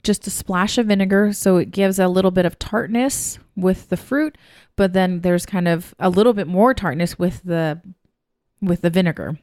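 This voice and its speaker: Telling stories in a chatty way, a woman co-hosting a laid-back podcast imitates the people she quotes. Her voice sits lowish and slightly mellow at a moderate pace, recorded at studio quality with no room sound.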